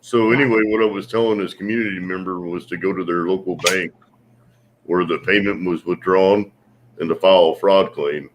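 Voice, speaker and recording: A man with a deep voice co-hosts a casual livestream and drops dry jokes between explanations. His pitch sits very low. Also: fairly even intonation, normal speed, slight background noise. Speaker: co-host.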